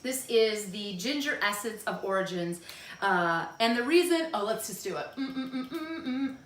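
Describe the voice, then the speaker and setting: Midwestern woman in her thirties, chatty home vlogger, a bit high, roomy sound. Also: lively intonation, moderate pace, a bit bright. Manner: chatty, self-deprecating, bursts into silly high voices. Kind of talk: casual monthly favorites vlog. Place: home room. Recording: echoey room.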